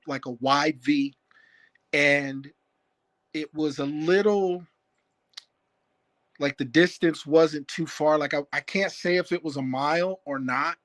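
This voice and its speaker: Man, fairly high voice, rambling storyteller, many fillers, casual phone caller. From Phoenix area. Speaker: caller sharing a sighting. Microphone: phone on a call.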